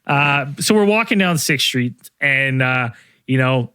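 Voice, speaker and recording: A man's voice: medium pitch, lively intonation, a little slow, pushed and bright, clean tone, no echo, clean studio sound. Rambling, profane podcast man. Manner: rambling, swearing, many restarts. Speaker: podcast co-host. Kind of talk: casual storytelling chat.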